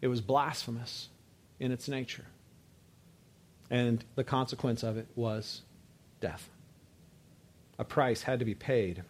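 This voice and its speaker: A man preaching a sermon to a congregation, conversational and emphatic, dropping low and soft on key words and checking that listeners follow. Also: fairly even intonation, slow pace, pauses often, husky. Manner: conversational, builds to emphatic rises, asks audience to follow; frequent fillers and restarts, drops low and soft on key words.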